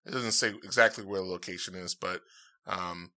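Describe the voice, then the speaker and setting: A man's voice: deep voice, steady tone, normal speed, pushed and bright. A man hosting his own podcast in casual, rambling chat, upbeat and full of fillers, speaking into a dynamic podcast mic. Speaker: podcast host.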